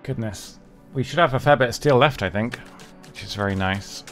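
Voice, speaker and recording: A man's voice: mid-range voice, moderate pace, fairly bright tone, faint music behind. A man casually talking his way through a strategy game as a streamer, chatting and muttering to himself and his characters. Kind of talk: casual gameplay commentary.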